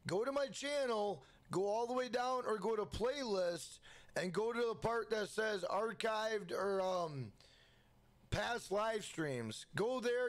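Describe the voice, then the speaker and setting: Male game streamer, high voice, energetic chat shout-outs. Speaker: gaming livestream host. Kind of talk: casual livestream chat.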